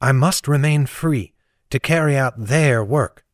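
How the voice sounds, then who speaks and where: A man's voice: medium pitch, measured pace, no room sound, clean studio sound, lightly acted. A man reading the part of a guarded young woman in a cloak in an audiobook, with careful, formal speech.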